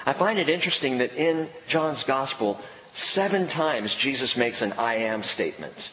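A man preaching a sermon in an emphatic way, with dramatic pauses and sudden drops to a hushed voice. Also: fairly high pitch. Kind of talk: expository sermon. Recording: echoey hall with long reverb, faint background noise.

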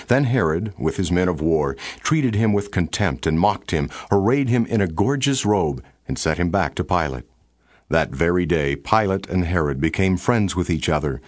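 Deep-voiced guy reading bible passages, steady formal delivery, dry mic. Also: dry recording. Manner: steady, formal storytelling cadence. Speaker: scripture narrator.

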